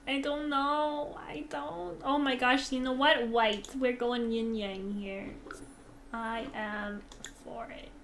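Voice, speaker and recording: A young woman casually commenting on a game she plays, gushing and excitable, dropping now and then into soft whispers. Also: fairly high pitch, slow, a little hiss or hum. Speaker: gaming channel host.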